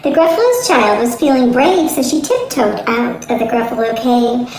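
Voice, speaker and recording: A woman teacher from the northern United States reading a children's picture book aloud in a clear, lilting way. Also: on the high side, lively intonation, moderate pace, darkish tone, slight background noise. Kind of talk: children's storybook read-aloud. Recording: roomy echo, faint music.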